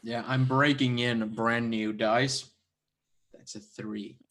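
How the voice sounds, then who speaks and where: A man's voice: medium pitch, fairly even intonation, slow, fairly bright tone. A man playing a tabletop game, speaking casually with easygoing stumbling starts. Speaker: player.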